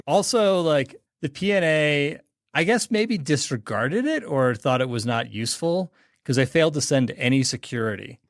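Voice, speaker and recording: A man's voice: on the high side, animated, normal speed, no echo, studio quality. A man co-hosting a podcast in casual chat, critically picking apart the logic of a cartoon plot. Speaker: podcast co-host.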